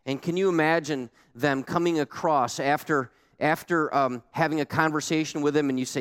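A male pastor preaching a sermon in a conversational, animated way, full of rhetorical questions. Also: fairly high pitch, normal speed, few pauses, clear, resonant tone, big-room sound.

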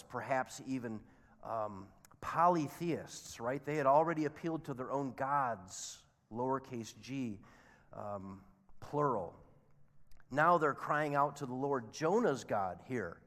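A man preaching a sermon, telling the story expressively and acting out the characters' lines. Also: medium pitch. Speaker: pastor. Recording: long hall reverb.

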